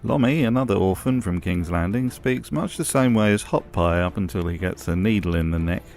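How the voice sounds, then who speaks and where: A man hosts a scripted commentary voice-over, wry and mocking in tone. His voice sits on the lower side. Faint music plays underneath. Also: expressive, a little fast, a little mellow. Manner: sardonic, mocking. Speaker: host.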